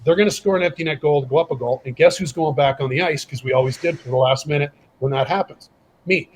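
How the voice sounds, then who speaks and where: A middle-aged former pro hockey enforcer, appearing as a podcast guest, tells a casual story with animation, acting out the quoted dialogue. He talks fast in a fairly high voice, and the audio is poor with slight background noise.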